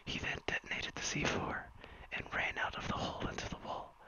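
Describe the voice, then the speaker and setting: A streamer reading a silly story aloud in a soft whisper, as whispered role-play. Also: a little fast, no room sound, poor audio. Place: virtual-world stream.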